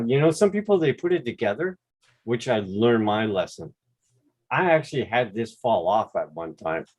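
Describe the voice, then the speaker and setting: A man with a Quebec accent, hosting a relaxed, rambling livestream chat over a video call with some mild swearing. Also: mid-range voice. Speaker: drone channel host.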